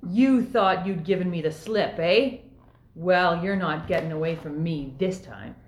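A woman's voice: on the low side, natural voice. Woman reading a bossy, suspicious lady cop. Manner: bossy, suspicious, slow and emphatic. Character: pushy, zealous female police officer hunting communists. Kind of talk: amateur play read-through. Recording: roomy echo.

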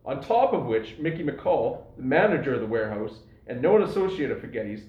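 An actor playing a pompous, suspicious police constable who questions indignantly in a comedic radio play. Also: male voice, medium pitch, big pitch swings, fairly quick, roomy sound, muffled recording, lightly acted. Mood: accusing.

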